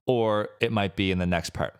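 A man's voice: fairly low pitch, normal speed, smooth. A man co-hosting a casual podcast chat, explaining a topic at length with many restarts and fillers. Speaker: podcast co-host.

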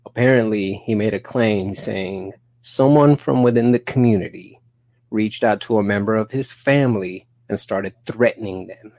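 A man in his thirties telling a story on a podcast, animated and profane, acting out both sides of an argument in quoted dialogue. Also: fairly low pitch, normal speed, dry recording. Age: 30s. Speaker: podcast guest.

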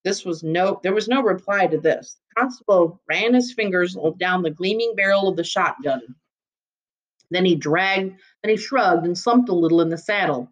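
A woman narrating a chapter of a novel in steady storytelling fashion. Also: lowish voice, moderate pace, highs cut off. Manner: steady storytelling with character voices. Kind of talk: audiobook reading.

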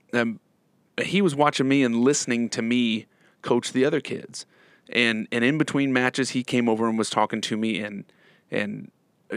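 Podcast host, man, slightly hoarse, halting and repetitive, average pitch, dead-dry recording. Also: a bit bright, no echo. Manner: halting, repeats words and restarts. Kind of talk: casual live podcast monologue.

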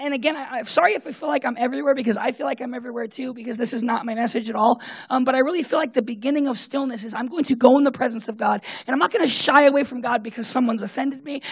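A woman with a husky, slightly high voice delivers a sermon in a storytelling way. She swings from loud bursts down to hushed, near-whispered tones and acts out the voices in the story. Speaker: preacher.

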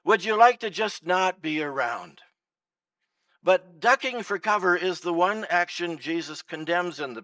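Bright-voiced pastor preaching with swings. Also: male voice, a little high, no echo, recorded from a distance. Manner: animated, swings between loud emphasis and soft hush. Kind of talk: sermon. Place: church.

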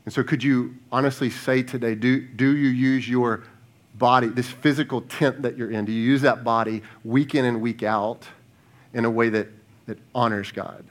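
Male pastor, medium pitch, preaches casually to his congregation and goes hushed on the heartfelt questions. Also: steady tone, normal speed. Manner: conversational preaching, rhetorical questions, repeats words; softens to a hushed tone for reflective questions. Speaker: lead pastor. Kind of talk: sermon.

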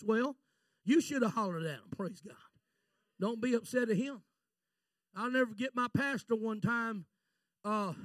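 A middle-aged man preaching a fervent Pentecostal sermon, swinging from shouts to hushed storytelling. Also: very high-pitched, no room sound. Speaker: visiting preacher.

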